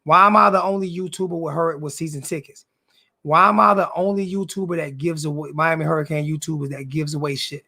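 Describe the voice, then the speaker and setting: High, gravelly man ranting at chat. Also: steady tone, fairly quick, pushed and bright. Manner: confrontational, repeats himself, profane slang. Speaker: sports YouTuber answering live chat. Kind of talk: live-stream rant to chat.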